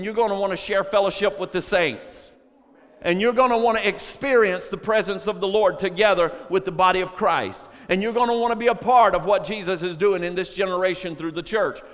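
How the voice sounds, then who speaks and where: A man preaching a sermon to a congregation, moving from chatty asides to shouted, drawn-out, emphatic phrases. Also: high-pitched. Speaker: pastor. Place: church sanctuary. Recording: long reverb of a large hall.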